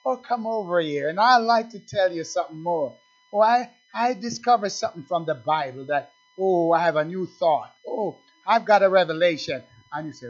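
A man's voice: sits high, lively intonation, moderate pace, dull audio. A man preaching a sermon in call-and-response style, acting out little dialogues with the congregation.

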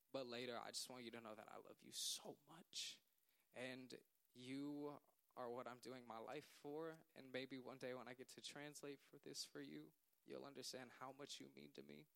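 A man's voice: mid-range voice, gravelly, fairly bright tone. A man in his late teens giving a heartfelt thank-you speech to a gathering, earnest and rambling and laughing at himself.

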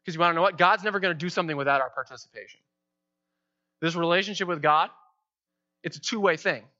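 A young man preaching a sermon as pastor, animated, acting out quoted prayers in playful voices. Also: a little high, fast. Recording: dull lo-fi sound.

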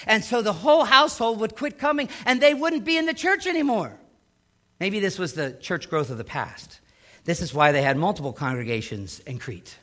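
A middle-aged man preaching a sermon as pastor, swinging between loud emphatic lines and hushed low asides. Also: animated, a little fast.

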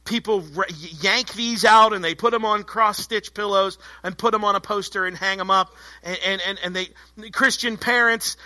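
A man preaching a sermon as pastor, animated and conversational, joking with the congregation. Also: sits high, normal speed.

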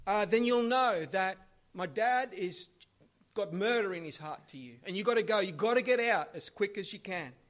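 A preacher playing a loyal young prince rushing through a plan, his voice lifted high and pressing. There is urgency in every instruction, and at its peak the voice climbs sharply. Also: lively intonation, a bit bright. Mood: urgent.

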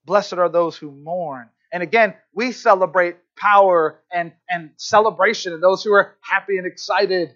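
A man preaching a sermon in church, earnest and conversational, often checking in with his listeners with quick asides. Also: high voice, fairly bright tone, highs cut off. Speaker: pastor.

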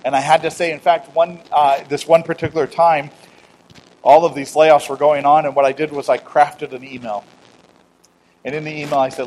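A middle-aged man delivers a conversational sermon in a somewhat higher voice. He moves between loud, emphatic declarations and quiet, personal storytelling, sometimes acting out bits of dialogue with self-deprecating humor. A faint background ambience sits under the voice. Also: little pitch movement, normal speed, a little hiss or hum, low-quality recording. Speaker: pastor.

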